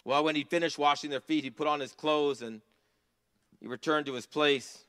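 Bright high-voiced preaching man. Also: normal speed. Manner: earnest preaching, rising to emphatic passages and dropping to soft asides. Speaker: pastor. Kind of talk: sermon.

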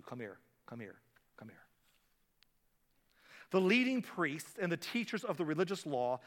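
A male pastor preaching a sermon, dynamic and shifting between hushed, gentle passages and loud, emphatic ones. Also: a little high, long reverb tail.

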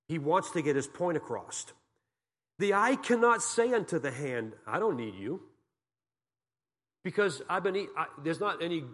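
A man's voice: fairly high pitch, a bit bright. A man from Massachusetts giving a guest sermon as a pastor, telling folksy, joking stories and asking the congregation questions.

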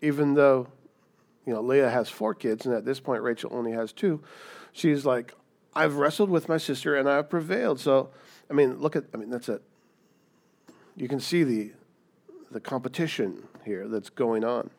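A man preaching a sermon, animated and emphatic, asking his listeners rhetorical questions as he teaches. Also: mid-range voice, moderate pace, long pauses. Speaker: pastor.

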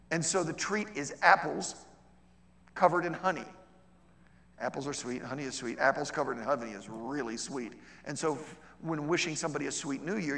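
A man's voice: fairly high pitch, gravelly, a bit bright. A man teaching a class in a chatty, humorous way, acting out little dialogues with people. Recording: echoey hall.

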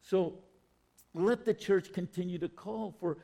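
A man delivering a sermon, his voice set fairly high and roughened by a gravelly fry. He speaks slowly and deliberately, circling back to repeat his phrases. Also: very noisy. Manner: slow, measured, repeats phrases. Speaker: preacher.

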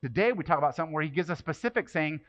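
A man preaching a sermon in church, talking conversationally, throwing rhetorical questions at the congregation, and swinging between loud bursts and hushed asides. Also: fairly high pitch, animated, racing, highs cut off. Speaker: pastor.

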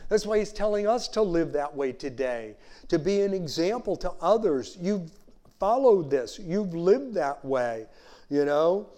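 A man preaching as a pastor, his voice a little high but mellow and warm. He talks to the congregation conversationally, dropping in "you know" asides. He slows right down to stress the phrases that matter. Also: lively intonation. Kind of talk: sermon.

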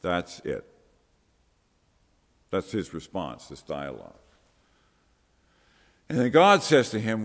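Guy with a real low voice giving a sermon, chatty and earnest, long echo like a big hall. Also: wildly swooping pitch, slow, long pauses. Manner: conversational, earnest preaching with rhetorical questions. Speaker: preacher.

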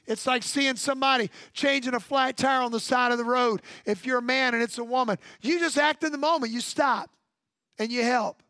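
A man's voice: extremely high pitch, moderate pace, bright, forceful tone, smooth, dry recording. A male pastor preaching a sermon in punchy repeated phrases, drawing call-and-response from the congregation.

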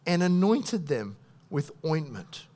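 A man preaching a sermon, retelling a story with lively voiced thoughts and dropping soft at the moving parts. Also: on the high side, takes it slowly.

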